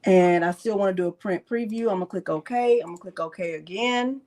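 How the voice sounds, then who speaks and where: A craft channel host with a brisk, mid-range, dark-toned voice runs a casual live crafting tutorial. She chats while narrating each click and answering viewers in the chat, sometimes muttering to herself under her breath.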